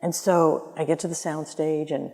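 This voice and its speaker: Animated woman in her sixties, reverberant hall. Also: deep voice, normal speed. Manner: animated storyteller who acts out voices in her anecdotes. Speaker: guest, former album art director. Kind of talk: conversational interview storytelling.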